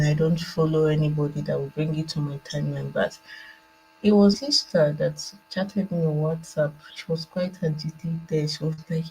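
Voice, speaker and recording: A Nigerian woman joins a call-in discussion by video call from home at night, speaking earnestly in a low, dark-toned voice and repeating herself as she works through her thoughts. The recording is low quality, with a laptop fan running.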